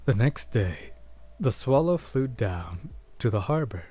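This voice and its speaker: A man reading a story aloud to his stream chat in a soft-spoken, unhurried way on a close mic. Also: mid-range voice, big pitch swings, husky.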